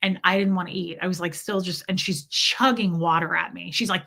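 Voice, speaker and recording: Woman streamer in her thirties, bright tone, candid storytelling, swears freely. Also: medium pitch, brisk, few pauses. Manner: candid, swears freely, reads out chat names. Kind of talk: casual storytelling to a live chat.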